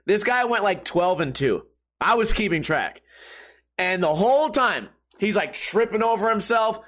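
Animated, foul-mouthed storytelling man. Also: high voice, moderate pace. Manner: profane, animated, laughs often. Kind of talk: casual comedic storytelling.

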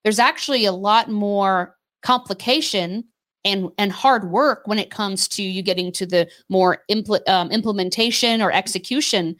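A woman co-hosting a casual faith discussion, telling stories with emphatic repetition and quick restarts. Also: medium pitch, fairly bright tone. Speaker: podcast co-host.

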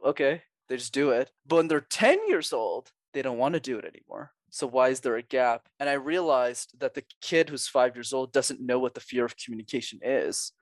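A man's voice: mid-range voice, dry recording. A young man from Montreal, a public speaking coach, chatting upbeat in a podcast interview and laughing often. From Montreal, Canada. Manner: upbeat, laughs often, acts out quoted voices.

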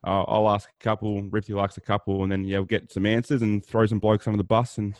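Low-voiced man, dry close sound. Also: fast, no room sound. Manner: relaxed, blokey banter. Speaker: podcast co-host. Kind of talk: casual podcast chat.

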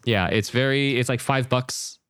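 A man's voice: mid-range voice, normal speed, fairly bright tone, clear, resonant tone, no echo, clean studio sound. A man co-hosting a gaming podcast in casual chat, laid-back and swearing freely. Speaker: podcast co-host.

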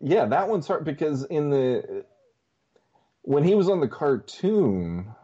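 A man's voice: a little high, very animated, takes it slowly, mellow, breathy edge, muffled recording. A man co-hosting a casual podcast, rambling through his answers and laughing often. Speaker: podcast co-host. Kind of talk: casual chat.

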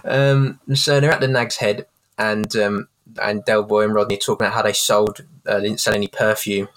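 A man's voice: lowish voice, normal speed. A man hosting a podcast who casually recaps a TV episode, with lots of ums as he retells scenes. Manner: animated retelling with many ums, often laughing. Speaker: podcast host.

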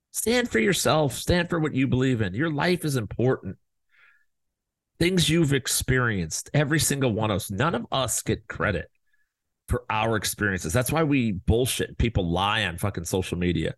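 A man hosting a podcast, delivering a blunt, profane opinion monologue that swings into loud mocking voices. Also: mid-range voice, sing-song, moderate pace, dry recording. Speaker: podcast host.

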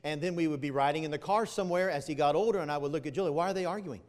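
A middle-aged man preaches in a church sanctuary, his fairly high voice carrying a long reverb through the hall. He tells stories with animated energy, building to loud emphatic peaks before dropping low and quiet. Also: rapid-fire. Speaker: pastor. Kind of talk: sermon.

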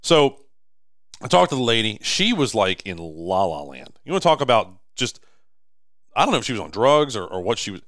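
A man's voice: on the low side, big pitch swings, a little fast, a bit bright, no echo, clean studio sound. A man co-hosting a podcast, rambling through a long story in casual chat, with many restarts. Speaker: podcast co-host. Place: indoor office or shop.

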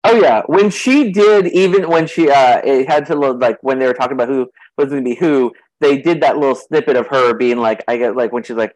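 A man's voice: mid-range voice, fairly quick, poor audio. A man from Southern California co-hosting a casual recap podcast, rambling and full of fillers. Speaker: podcast co-host.

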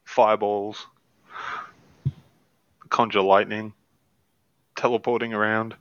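A man's voice: fairly low pitch, little pitch movement, takes it slowly, a bit bright. A man co-hosting a casual podcast, wry and full of offbeat questions. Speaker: podcast co-host. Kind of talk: casual chat. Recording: dull dry mic.

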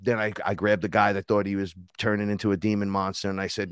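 In clean studio sound with a dry recording, a man with a lowish voice talks fast with hardly any pauses. He's a rapper and shaman on a podcast, spinning a long, profane, animated story and imitating other people's voices.

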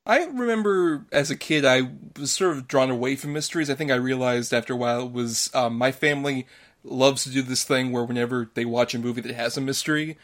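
A man's voice: mid-range voice, brisk. A man co-hosting a movie podcast, chatting casually with playful banter and frequent laughter. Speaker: podcast co-host. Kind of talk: casual chat.

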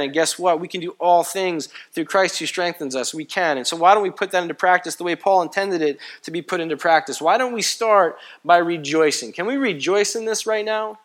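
A man preaching a sermon in a church, swinging between hushed and loud, passionate delivery with repeated emphatic phrases. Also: on the high side, a little fast, hardly any pauses. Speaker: pastor.

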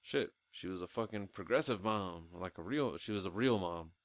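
A man's voice: low-pitched, animated, normal speed, no echo, studio quality. A young man co-hosting a casual movie review podcast, talking crudely and profanely and laughing often. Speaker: podcast co-host.

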